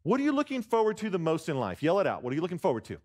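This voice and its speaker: A man with a slightly high voice talks very fast, his pitch swooping wildly as he preaches as a guest pastor in a church sanctuary. Jokey, warm-hearted and self-deprecating, he teases the congregation, draws call-and-response answers from them, and keeps restarting his sentences. He sounds choked up, close to tears.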